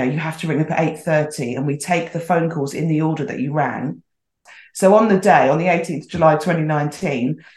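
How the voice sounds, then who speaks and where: A woman's voice: deep voice, darkish tone. A middle-aged woman telling a story casually as a podcast guest, chatty and acting out the voices she quotes. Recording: roomy echoey sound.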